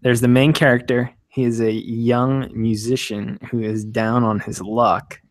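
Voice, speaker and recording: A young man co-hosting a podcast, easygoing and quick to laugh. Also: medium pitch, little pitch movement, dry recording, clean studio sound. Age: young adult. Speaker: podcast co-host. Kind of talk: casual chat.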